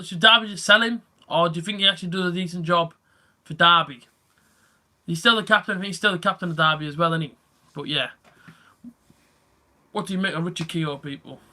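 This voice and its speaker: A young man chats through a live football reaction stream, rambling between the action and the viewers' comments. His voice sits high and sounds piercingly bright and sharp, with a loose, unscripted flow. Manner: rambling and chatty, livening up at big chances.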